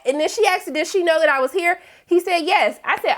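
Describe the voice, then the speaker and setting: Animated high-voiced woman recapping TV. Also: fairly quick, few pauses. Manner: animated, acts out characters with exaggerated reactions. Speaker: TV recap host. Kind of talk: casual TV recap.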